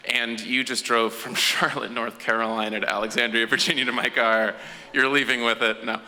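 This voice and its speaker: A man telling a true story live on stage in an animated way, acting out the other voices. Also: mid-range voice, normal speed. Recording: echoey hall with faint noise.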